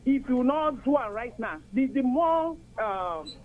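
An older woman from Nigeria with a Nigerian accent, calling in to a radio chat and explaining at length, earnest and steady. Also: high voice, a little slow, narrow, tinny audio. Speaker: caller.

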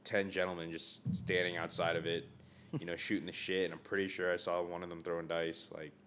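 A man from Northern Virginia co-hosting a podcast in casual chat, tired and low on energy, slangy and swearing a lot. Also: level tone, fairly quick, fairly bright tone, slight background noise. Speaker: podcast co-host.

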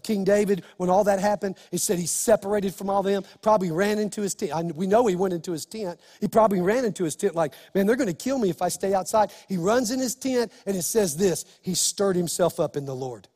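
A male pastor preaching an impassioned sermon, building to shouts. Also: high-pitched, fairly quick, hardly any pauses, in a large hall.

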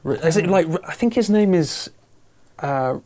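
A man's voice: on the high side, animated, moderate pace, a little mellow. A man chatting casually about films on a podcast, rambling with many fillers and restarts.

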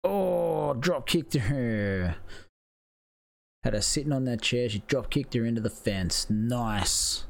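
A man giving casual, excitable live commentary, swearing freely and gasping at the big moves. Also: medium pitch, takes it slowly, vocal fry. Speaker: watch-along commentator.

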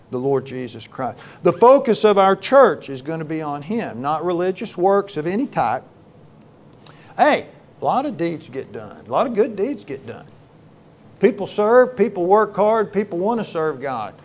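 A male pastor preaching a sermon, moving between loud exclamations and quiet, low lines.

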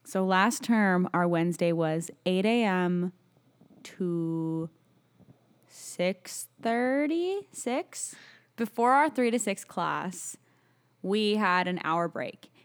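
A young woman co-hosting a podcast, telling a story in animated casual chat. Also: lowish voice, slow pace, clear, resonant tone. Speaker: podcast co-host.

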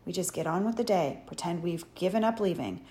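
Steady young boy, calm and reassuring, as a woman reads him. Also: on the low side, brisk, slight background noise, lightly acted. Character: level-headed, curious young boy.

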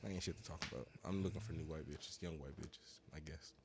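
A man rambles through a long story in casual podcast talk. He curses freely, uses a lot of slang, and sounds high. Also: fairly even intonation, fairly quick, heavy background noise. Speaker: podcast co-host. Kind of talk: casual chat.

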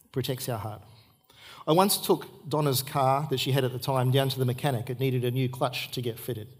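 A man's voice: medium pitch, steady tone, brisk. A middle-aged man, preaching a sermon at a church service and repeating key points for emphasis. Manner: earnest storytelling with emphatic repetition. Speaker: pastor.

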